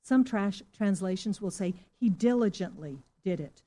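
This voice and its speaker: A middle-aged woman pastor from Singapore giving a sermon, telling a story and asking the congregation questions, now and then rising to loud exclamations. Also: medium pitch, lively intonation, normal speed.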